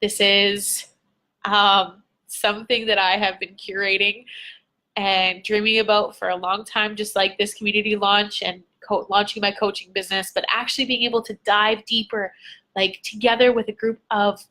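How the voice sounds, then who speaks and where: A woman's voice: medium pitch, flat delivery, normal speed, sharp tone. A young adult woman, a business coach, talking to her followers in a bubbly, gushing, chatty livestream. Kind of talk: casual livestream talk to followers.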